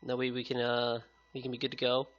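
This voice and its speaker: A man's voice: medium pitch, completely flat delivery, fast, fairly bright tone, highs cut off. A man with a sick-sounding voice giving casual, upbeat gameplay commentary to his viewers. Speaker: competitive game YouTuber. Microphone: headset.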